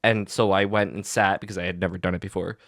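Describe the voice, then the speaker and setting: Young male co-host, lowish voice, dry close sound, rambling casual storyteller. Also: level tone, fast talker, fairly bright tone, no echo. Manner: rambling storytelling with many fillers and restarts. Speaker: podcast co-host. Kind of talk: casual chat.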